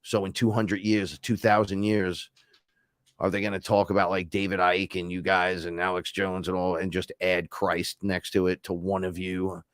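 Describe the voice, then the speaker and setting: A man's voice: sits low, level tone, normal speed, no room sound, clean studio sound. A man hosting a casual spiritual talk, telling stories in a rambling, profane way. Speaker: host.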